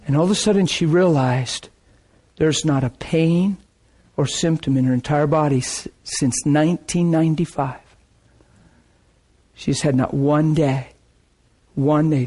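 A man preaching a sermon, telling a testimony story with excitement, laughing often and repeating phrases. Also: fairly high pitch, husky.

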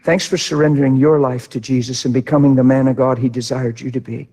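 A middle-aged man preaching a sermon with impassioned delivery, swinging from hushed to loud. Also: medium pitch, fairly even intonation, fast talker. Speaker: pastor.

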